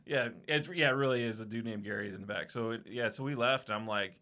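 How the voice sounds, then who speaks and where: A man telling a profane, animated story on a casual podcast, acting out what everyone said. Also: mid-range voice, fast talker. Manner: profane, animated anecdote-telling with acted-out quotes. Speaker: podcast co-host.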